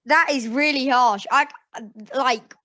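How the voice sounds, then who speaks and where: A woman interviewing a magician in a casual chat, speaking in halting bursts with many restarts and sympathetic reactions. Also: sits high, sharp tone.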